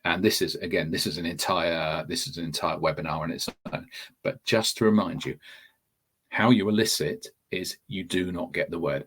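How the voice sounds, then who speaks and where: A man's voice: deep voice, fairly bright tone, husky. A man teaching a course webinar in a conversational way, often restarting his phrases and addressing viewers directly. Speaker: TEFL course tutor. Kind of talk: webinar explanation.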